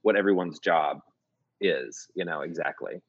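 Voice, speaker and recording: Husky low-voiced man telling jokey stories. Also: moderate pace, no room sound. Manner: jokey, animated storyteller with many restarts. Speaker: music producer and voice coach. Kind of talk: casual interview storytelling. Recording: dull lo-fi dry recording.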